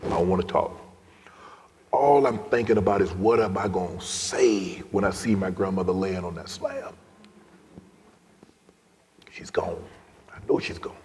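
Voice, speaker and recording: Deep-voiced man telling a moving story. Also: unhurried, pauses often, a little hiss or hum. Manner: emotional, swings from loud to hushed whispers. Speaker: guest speaker. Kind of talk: personal storytelling speech. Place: large event hall. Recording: long reverb of a large hall.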